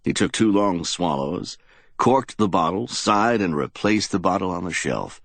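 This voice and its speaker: A man's voice: low voice, expressive, unhurried, no room sound. A man narrating a hardboiled crime audiobook in a dramatic storytelling manner.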